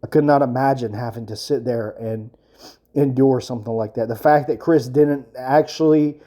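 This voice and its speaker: Mellow-voiced man, earnest commentary. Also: mid-range voice, normal speed. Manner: emphatic, repeats his points, frequent fillers. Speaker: commentary channel host.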